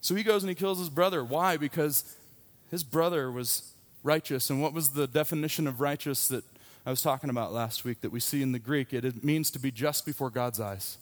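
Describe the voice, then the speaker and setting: A man's voice: mid-range voice, brisk. A man in his thirties, a pastor, preaching a sermon in a candid, conversational storytelling way. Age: 30s.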